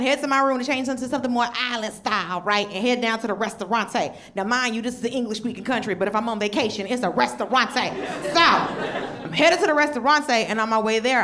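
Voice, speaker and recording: A woman comedian doing a stand-up set, telling a story in an animated way and jumping into high voices when she plays other people. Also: fast. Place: stage before a laughing audience. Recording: live show with audience noise.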